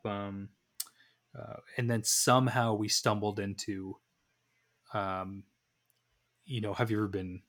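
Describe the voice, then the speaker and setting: A man in his thirties co-hosting a podcast, telling a long story with many restarts and acted-out dialogue. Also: lowish voice. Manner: rambling anecdotal storytelling with many restarts and animated quoted dialogue. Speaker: podcast co-host. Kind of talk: casual podcast chat.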